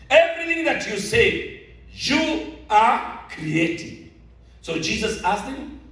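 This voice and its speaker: A man preaching a sermon as pastor, slow and emphatic, repeating key phrases to a congregation in an auditorium. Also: high voice. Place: large auditorium. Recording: very echoey hall, mic at a distance.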